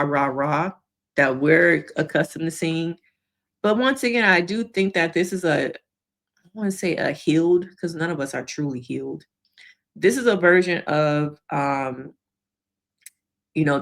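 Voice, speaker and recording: A low-pitched woman therapist casually and animatedly recaps a reality show episode, acting out the quotes and laughing along the way.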